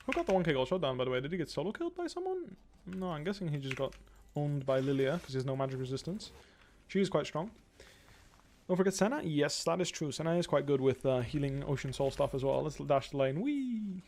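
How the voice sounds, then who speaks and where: A young man giving live commentary while playing a video game, thinking aloud in a calm, analytical way. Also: fairly high pitch, fast. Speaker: pro gamer streaming.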